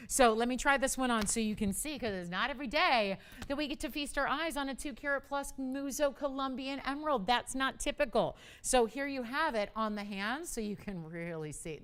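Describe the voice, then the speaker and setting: A woman hosting a live jewelry shopping broadcast, chatty and upbeat, talking straight to the viewers as she makes her sales pitch. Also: fairly bright tone, clean tone. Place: television studio.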